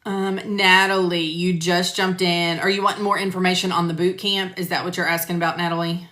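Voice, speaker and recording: Brisk and sharp-toned, this lowish female voice shows little pitch movement. She's a medical coding teacher on a live stream, casually answering viewers by name with many fillers, recorded on a phone or computer mic in a roomy, echoey space.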